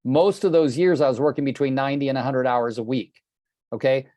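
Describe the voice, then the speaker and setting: A man's voice: mid-range voice, brisk, dark tone, dry recording. Blunt older man coaching on a call. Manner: blunt, passionate, swears casually. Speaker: real estate coach. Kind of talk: group coaching call, storytelling. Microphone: video call.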